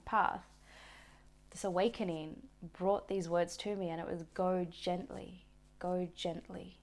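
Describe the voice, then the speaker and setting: A woman vlogger telling a personal story in a gentle, reflective way, often restarting her sentences. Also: mid-range voice. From Australia. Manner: reflective, gentle, with frequent restarts and soft laughs. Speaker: wellness vlogger.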